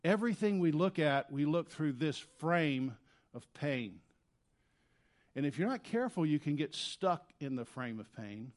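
A man preaching a sermon in a church, his voice sitting a little high for a man. He talks earnestly and conversationally, dropping to quiet, low stretches and then rising loud when he acts out desperate prayers. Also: lively intonation, a little slow. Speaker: pastor.

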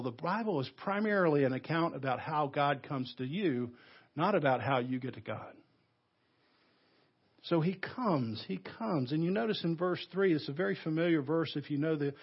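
Pastor, man, Southern US accent, husky and a bit high, emphatic sermon delivery, dull lo-fi church recording. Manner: emphatic preaching, swinging between loud stresses and hushed, slow phrases. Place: church sanctuary.

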